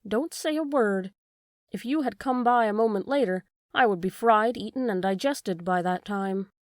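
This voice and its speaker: A woman's voice: medium pitch, moderate pace, no echo, studio quality, lightly acted. A woman voicing a frightened wooden puppet boy who wails and pleads. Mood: wailing. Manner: wailing, pleading.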